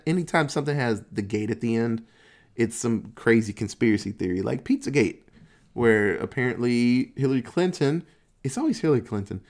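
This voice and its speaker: A man in casual chat, telling a movie plot with lively energy. He jumps into quick mock voices for the characters, swears freely and laughs at the gory parts. His voice sits in a middle range. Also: medium pitch. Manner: animated storytelling, acts out quotes, swears, laughs.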